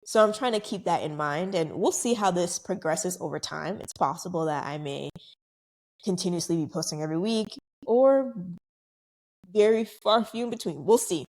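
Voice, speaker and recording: A young adult woman hosting her own podcast, telling a story in a casual, chatty way and acting out other people's lines. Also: moderate pace. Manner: chatty, animated, acts out quoted voices higher. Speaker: podcast host.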